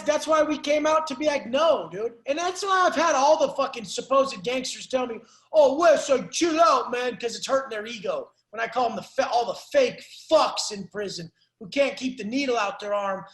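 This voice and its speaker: Man, life coach, high-pitched, intense profane ranting, roomy echo. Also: a bit bright. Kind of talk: coaching call rant.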